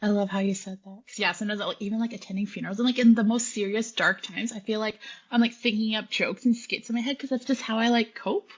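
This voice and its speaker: A woman's voice: medium pitch, fairly even intonation, fast talker, hardly any pauses, dull audio. A woman hosting a casual podcast interview, thinking aloud as she asks long questions. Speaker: podcast host.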